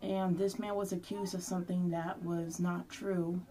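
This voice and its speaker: A woman's voice: lowish voice, little pitch movement, measured pace, warm tone. A young woman speaking in an angry, heated vlog rant, swearing often. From Hispanic background. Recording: voice somewhat far from mic.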